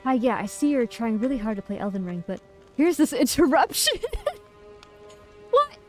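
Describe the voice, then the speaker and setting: A woman in her thirties from the United States, streaming a game live, jumping from sudden high squeals of surprise into relaxed chatty talk with her viewers. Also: normal speed, soft background music, low-quality recording. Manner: excitable, squeals and exclaims at game events, then chats casually. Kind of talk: live gameplay commentary.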